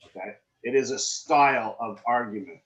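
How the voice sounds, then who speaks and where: A man's voice: medium pitch, moderate pace, fairly bright tone, highs cut off. A middle-aged man giving script feedback in an acting class, rambling and often checking in with "right?". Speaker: acting coach.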